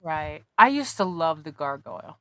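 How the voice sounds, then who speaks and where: A woman's voice: sits low, big pitch swings, normal speed, sharp tone, no echo, clean studio sound. A woman hosting an interview podcast who asks rambling questions and searches for her words. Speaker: podcast host. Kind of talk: casual interview chat.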